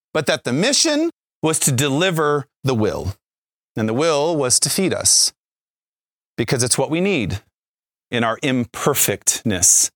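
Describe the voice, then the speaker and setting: A man in his forties tells a faith story to listeners, his fairly high voice rising and dipping with lively energy. He acts out the lines of the people in his tale and keeps checking in with "right?". The sound is close and dry, with no room around it. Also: dry recording. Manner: animated storyteller, acts out quotes, frequent "right?". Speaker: Catholic speaker, former youth minister.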